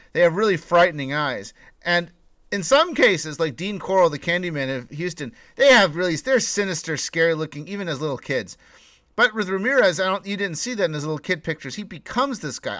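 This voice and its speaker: A man with a fairly high voice talks through ideas on a podcast, restarting sentences and laughing now and then. His voice sits close and dry, with no room sound around it. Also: fairly bright tone, dry recording. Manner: rambling, many restarts, laughs while talking. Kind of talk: casual podcast discussion.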